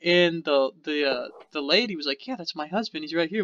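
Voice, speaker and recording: Talking fast in a fairly bright, slightly high voice, a man co-hosting a casual podcast tells a rambling, profane story and voices the characters' quotes himself. There's no echo, and the podcast audio is dull and lo-fi.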